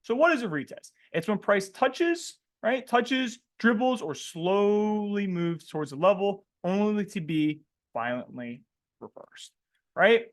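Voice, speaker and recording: A man's voice: high-pitched, measured pace. A man coaching traders in a live webinar, asking the audience questions and tacking "right?" onto nearly every line, with a slangy, joking manner. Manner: animated, asks questions and tags "right?" constantly. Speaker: trading coach.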